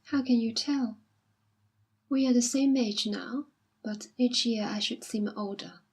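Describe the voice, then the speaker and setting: A woman's voice: fairly high pitch, a little slow, husky. A woman reading a proud, wounded young woman. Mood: dignified. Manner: quiet, dignified, restrained. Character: jilted young woman, proud and self-sacrificing. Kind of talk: audiobook reading.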